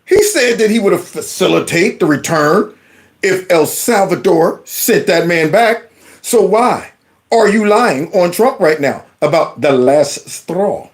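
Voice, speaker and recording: Animated man mocking news clips. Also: high-pitched, a little slow. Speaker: commentary channel host. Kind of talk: reaction commentary on news clips.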